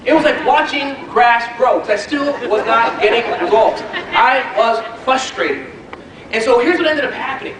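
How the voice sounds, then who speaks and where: Man, high voice, motivational trainer, animated storytelling, echoey hall, distant mic. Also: normal speed, crowd noise. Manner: animated storytelling, quizzing the audience. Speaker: network marketing trainer. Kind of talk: motivational speech to a live audience.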